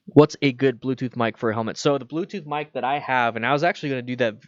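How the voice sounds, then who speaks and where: Male host, relaxed rambling Q&A delivery, lo-fi dry mic. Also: medium pitch, fast, no room sound. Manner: chatty, loose, reads viewer questions aloud. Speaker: motorcycle channel host. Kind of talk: casual livestream Q&A.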